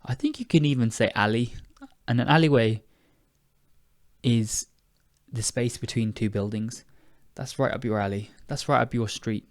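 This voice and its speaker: A tired young British man talks through everyday English phrases in a chatty, rambling way, often correcting himself. His voice sits at an ordinary middle pitch. The sound is dry and close, with no room around it. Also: moderate pace, no echo. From United Kingdom. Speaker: podcast host and English teacher. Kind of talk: casual podcast lesson.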